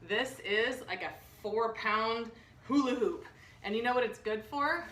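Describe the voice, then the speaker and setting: A woman's voice: fairly high pitch, unhurried, fairly bright tone, echoey room, far from the mic, slight background noise. A woman nutritionist hosting a live online health workshop, bubbly, jokey and full of energy. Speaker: nutritionist host. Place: room under bright lights.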